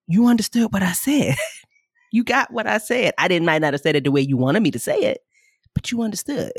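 A woman co-hosting a podcast, talking animatedly with swoops in pitch. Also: expressive, fairly quick, slightly rough, no room sound, studio quality. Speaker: podcast co-host. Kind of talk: casual interview talk.

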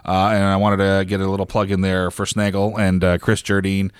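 A man's voice: low-pitched, monotone, a little fast, clear, resonant tone, dry recording, studio quality. A man hosting a casual sports podcast, telling rambling stories full of fillers and chuckles. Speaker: podcast host.

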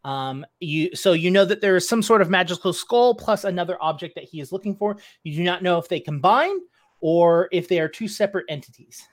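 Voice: medium pitch, fairly quick. Easygoing game master recapping the story, loose and unscripted. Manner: relaxed, recapping with many "uh"s. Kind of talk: narrating a tabletop game online.

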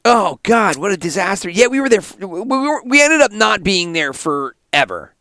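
A man's voice: high voice, sing-song, moderate pace, bright, forceful tone, no echo, studio quality. A man co-hosting a podcast, bantering in a teasing, profane way. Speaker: podcast co-host. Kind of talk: casual banter.

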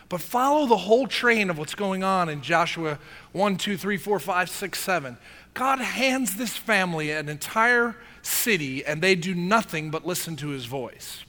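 Male pastor, high bright voice, animated casual sermon storytelling. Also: moderate pace. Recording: long hall reverb.

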